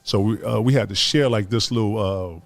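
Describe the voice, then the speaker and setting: A man, a former basketball player, telling stories in casual chat, animated and acting out the voices of others with profane slang. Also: fairly low pitch, normal speed. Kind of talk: casual storytelling on a podcast.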